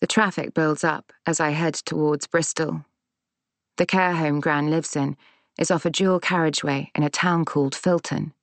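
A woman narrating a first-person audiobook in a measured, gentle, reflective way. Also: deep voice, steady tone, no echo.

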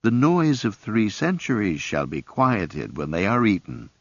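A man's voice: lowish voice, very animated, a little slow, no room sound, heavily acted. A man doing a stern mantis-legged alien hunter. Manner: stern and commanding. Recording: dull lo-fi cassette audiobook.

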